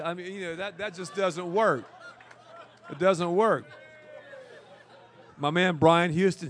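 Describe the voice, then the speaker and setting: A man with a high voice gives a lively, comic conference talk about preaching. He laughs between phrases, stacks up repeated words, and keeps an easy, animated rhythm. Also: slow pace, long pauses. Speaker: guest preacher.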